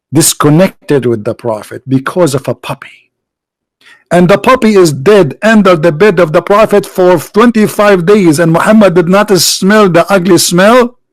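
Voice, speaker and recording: A man's voice: sits high, no room sound, rough recording. A man hosting a livestream debate, mocking and sarcastic, firing off rhetorical questions in non-native English.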